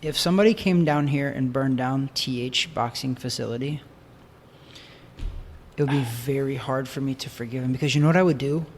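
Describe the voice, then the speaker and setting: A man co-hosting a boxing podcast, chatting casually in a playful, excitable, jokey way. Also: mid-range voice, fairly quick, in a large hall, slight background noise. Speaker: podcast co-host, boxing coach. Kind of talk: casual chat.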